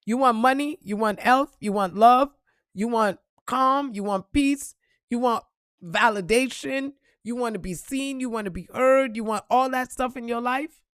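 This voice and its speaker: A woman vlogger giving a casual motivational talk to her followers, blunt and profane, swinging from loud punchy bursts to soft reflective moments. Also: a little high, measured pace, no room sound, clean studio sound. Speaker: spiritual reader and motivational vlogger.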